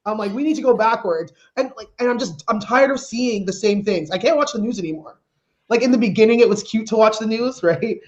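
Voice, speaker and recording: A woman from Canada doing a stand-up comedy set, brash and animated, acting out her own reactions. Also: a little high, fairly quick, highs cut off.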